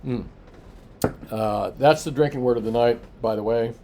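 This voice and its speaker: A man's voice: mid-range voice, moderate pace, warm tone, slight background noise. A man hosting a casual evening price report from his coin shop, chatting loosely with lots of filler and answering viewer comments. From Florida. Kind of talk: casual evening livestream chat.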